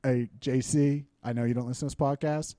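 A man in his thirties spins a long, animated parenting story on a podcast, repeating himself and swearing freely. His voice sits at an ordinary middle pitch. It is recorded close and dry, with no room sound. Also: a little fast, no room sound. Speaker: podcast co-host. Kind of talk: casual chat.

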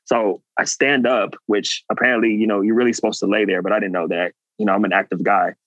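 Lowish man telling a story animatedly. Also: fast, dry recording, lo-fi sound. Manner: animated, earnest, acts out quotes. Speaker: guest. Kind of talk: casual storytelling.

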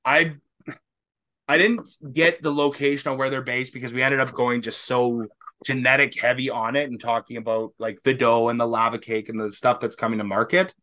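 A man's voice: mid-range voice, fairly even intonation, normal speed, bright, forceful tone. A young Canadian man co-hosting a podcast, rambling casually, laughing and swearing now and then. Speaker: podcast co-host. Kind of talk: casual chat.

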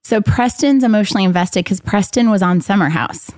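A woman's voice: medium pitch, a little fast, heavy background noise. A woman co-hosting a podcast, chatting in a teasing, playful way. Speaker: podcast co-host. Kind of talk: casual chat.

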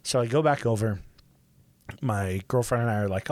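A young man telling a story in casual chat, profane and animated, full of fillers. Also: lowish voice, normal speed, dry recording.

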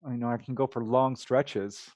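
A man telling personal stories as a guest, animated, laughing often and acting out dialogue. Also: mid-range voice, normal speed, no room sound. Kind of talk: casual storytelling.

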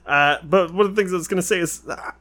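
Joking man in his thirties, higher voice. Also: fairly bright tone. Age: 30s. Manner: joking, teasing, quick banter. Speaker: podcast co-host. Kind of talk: casual chat.

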